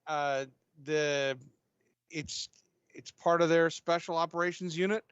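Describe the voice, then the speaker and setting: A man's voice: fairly high pitch, steady tone, measured pace, fairly bright tone, clear, resonant tone, no echo, lo-fi sound. A man co-hosting a casual livestream, reading drone news stories aloud with frequent fillers and restarts.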